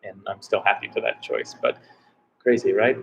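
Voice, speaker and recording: A man's voice: fairly low pitch, normal speed, vocal fry, lo-fi sound, a little hiss or hum. Rambling American man on a live stream. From United States. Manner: rambling and unsure, repeating himself. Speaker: travel vlogger doing a live Q&A. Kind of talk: casual live-stream chat. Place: small indoor room.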